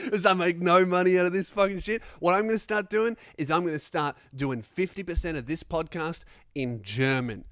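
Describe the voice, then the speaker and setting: A man's voice: fairly high pitch, dry recording, studio quality. Ranting young man, comedic podcast monologue. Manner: animated, profane, self-mocking rant.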